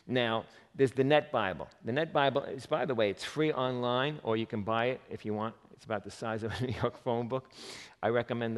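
A man preaching a sermon who jokes with his listeners and acts out the voices of the people in his story. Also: medium pitch. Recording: long reverb of a hall.

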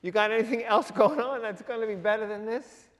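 A man's voice: high voice, fairly quick, in a large hall, voice pushed up, lightly acted. A preacher doing an incredulous male disciple. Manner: incredulous, rhetorical questioning. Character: blunt, exasperated male disciple.

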